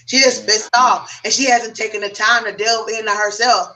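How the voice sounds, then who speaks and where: Woman, reflective advice-giver, bright forceful tone, a bit far from the mic. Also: a little high, fairly even intonation, moderate pace. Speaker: co-host. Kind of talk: casual round-table chat.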